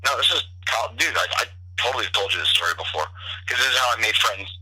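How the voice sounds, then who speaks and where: A man's voice: medium pitch, animated, fast talker, pushed and bright, husky. A young man telling stories in casual, profane chat, rambling with many restarts, heard through a phone call. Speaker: podcast guest, bartender. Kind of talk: casual storytelling over the phone. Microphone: telephone. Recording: tinny phone line.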